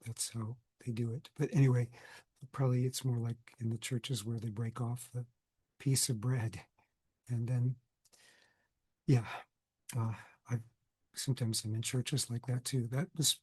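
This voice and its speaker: An older man with a cold, coughing, records a video lecture indoors, speaking in a conversational, digressive way and correcting himself as he goes. His mid-range voice is darkish with a breathy edge, and the recording is dry and close.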